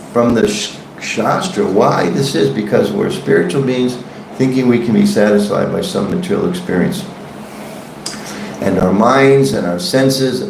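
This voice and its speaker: Gravelly male scripture teacher, echoey hall. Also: on the low side, a little mellow, a little hiss or hum. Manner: conversational, joking, asks the audience questions. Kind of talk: devotional scripture class. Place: temple class hall. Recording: echoey room.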